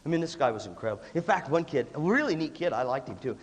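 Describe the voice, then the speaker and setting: A man giving a humorous talk on leadership, telling stories and acting out voices in an animated, jokey way. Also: on the high side, quick pace. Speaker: leadership speaker. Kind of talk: humorous storytelling talk to an audience. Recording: echoey hall, faint background noise.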